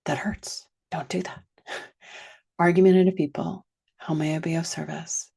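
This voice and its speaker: A woman teaching a guided reflective lesson, slow and gentle, sometimes dropping to a soft whisper. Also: sits low, fairly even intonation, vocal fry, breathy edge. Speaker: wellness teacher.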